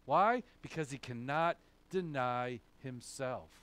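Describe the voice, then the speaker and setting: A man's voice: mid-range voice, takes it slowly, fairly bright tone, clean tone. A male pastor preaching a sermon, emphatic, asking questions and answering them himself. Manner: emphatic, asks and answers his own questions.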